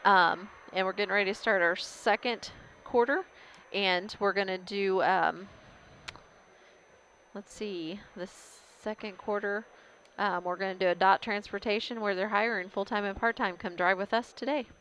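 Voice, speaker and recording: A woman calling a school basketball game as a local announcer, casual and hesitant, with frequent pauses and fillers. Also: medium pitch, fairly even intonation, a bit bright, a little hiss or hum, rough recording. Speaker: play-by-play announcer. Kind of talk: local sports commentary.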